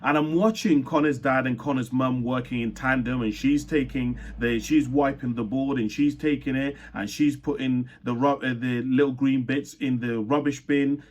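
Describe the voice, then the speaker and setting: Reflective man from Uganda telling a story. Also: mid-range voice. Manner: reflective, repeats phrases, many fillers. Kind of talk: personal storytelling.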